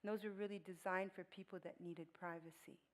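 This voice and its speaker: Speaking a little fast in a lowish voice, a middle-aged woman shares a personal story as a guest speaker at church. She's animated, laughing and voicing quotes, though the recording is poor.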